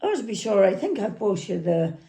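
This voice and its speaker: A woman's voice: mid-range voice, sing-song, brisk, creaky, warm tone. Woman putting on a bumbling Irish lad. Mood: cheerful muddle. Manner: bumbling, cheerful, confused. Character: small jovial Irish male travelling head lad.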